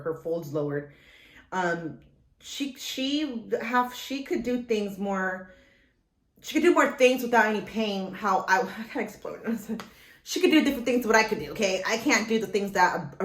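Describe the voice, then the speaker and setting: A woman in her thirties vlogging casually about her recovery, rambling with many restarts, her chest sore after surgery. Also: lowish voice. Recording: echoey room.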